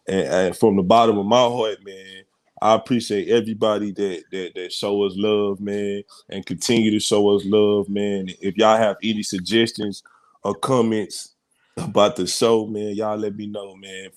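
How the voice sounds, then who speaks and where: Co-host, male, low voice, earnest and choked up, lots of restarts. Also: a little mellow. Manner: emotional, earnest, repeats "man" and restarts often. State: fighting back tears. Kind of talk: heartfelt closing remarks on a sports show.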